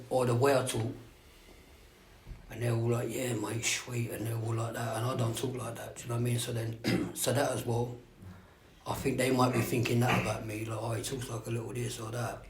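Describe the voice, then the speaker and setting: A man's voice: mid-range voice, darkish tone. A man gives a candid, rambling personal share at a recovery meeting, swearing freely and often asking whether listeners know what he means. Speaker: speaker sharing at a recovery meeting. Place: meeting room. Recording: echoey room with faint background noise.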